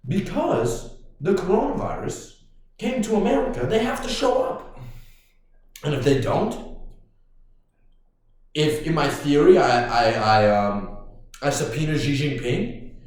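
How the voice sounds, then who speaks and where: A man hosting a podcast, ranting casually in a profane, excitable way. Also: on the high side, measured pace, long pauses. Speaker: podcast host. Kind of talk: casual rant. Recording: very echoey room.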